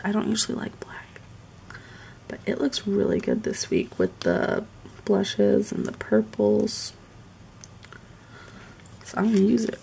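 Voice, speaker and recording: A woman chats on a live craft stream from her home. She talks slowly in a very gravelly, creaky voice with a lively, swooping pitch. She often drops into murmured, half-whispered asides to herself. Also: background noise. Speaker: planner decorating vlogger.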